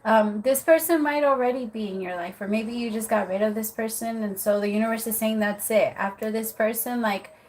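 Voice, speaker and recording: A woman's voice: a little high, a little fast, hardly any pauses, darkish tone, low-quality recording. A woman giving tarot readings on a live stream, chatty and apologetic, laughing often. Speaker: tarot reader.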